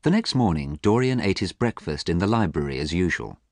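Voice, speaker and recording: Deep-voiced man reading a story. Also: big pitch swings, dry recording. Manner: clear, measured, simple reading. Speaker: narrator. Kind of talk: scripted audiobook narration.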